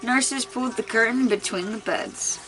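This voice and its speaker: A woman's voice: fairly high pitch, moderate pace, fairly bright tone, rough recording. A young woman in a laid-back, tired casual chat at home, giggling now and then as she reads aloud. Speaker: vlogger reading aloud.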